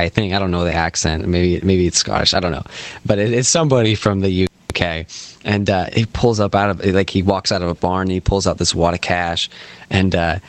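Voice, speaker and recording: A man with a lowish voice talks casually as a podcast co-host, halting often with fillers and restarts. The sound is dry and close, with little room. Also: no room sound. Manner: hesitant, many fillers and restarts. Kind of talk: casual chat.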